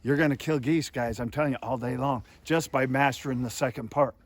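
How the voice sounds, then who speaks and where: A man's voice: mid-range voice, fairly even intonation, a little fast. A man teaching a hands-on goose calling lesson outdoors, folksy and emphatic, calling his viewers "guys".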